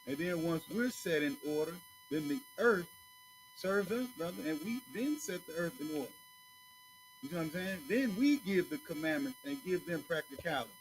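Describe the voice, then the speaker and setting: A man's voice: sits high, huge pitch swings, normal speed, faint music behind, rough recording. A man teaching scripture in a loose, conversational way, often checking that his listeners follow him and calling them brother. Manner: conversational, keeps asking "you know what I'm saying", calls listeners brother. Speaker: teacher at a religious school. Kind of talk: casual preaching to a small group.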